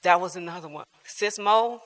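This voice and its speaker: A woman's voice: lowish voice, normal speed, fairly bright tone. A woman giving a casual personal testimony at a church bible class, colloquial and laughing often. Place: church hall. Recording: reverberant church hall.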